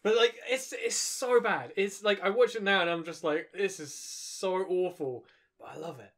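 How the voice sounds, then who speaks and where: A young man, slightly high for a man. He rambles in a relaxed way and drops swear words into casual podcast chat. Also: a little fast. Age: young adult. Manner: rambling, laid-back, swears often. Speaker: podcast co-host.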